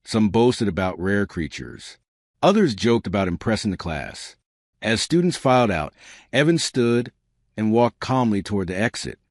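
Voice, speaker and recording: Low-voiced male story narrator. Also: very animated, normal speed, no room sound, clean studio sound. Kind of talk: scripted narration.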